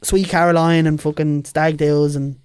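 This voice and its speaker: A young man with a Dublin accent, talking on a slightly higher pitch than most men. He tells his stories animatedly and curses freely, on a close, dry studio mic. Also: normal speed, clear, resonant tone, no room sound. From Ireland. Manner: animated, swears freely, acts out the people he quotes. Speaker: podcast guest. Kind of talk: casual storytelling chat.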